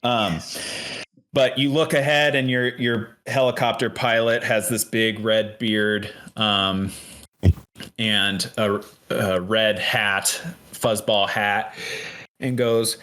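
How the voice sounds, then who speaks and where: A man running a tabletop role-playing game on a podcast mic, talking in a low, easygoing voice. He rambles through his descriptions and stops and restarts often as he sets each scene. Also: fairly even intonation, slow pace, bright, forceful tone. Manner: rambling, many fillers and restarts. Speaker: game master.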